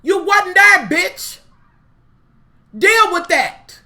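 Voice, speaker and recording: Bright high-pitched woman ranting profanely. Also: expressive, drawn-out words. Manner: blunt, foul-mouthed, exasperated. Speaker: vlogger reviewing reality TV.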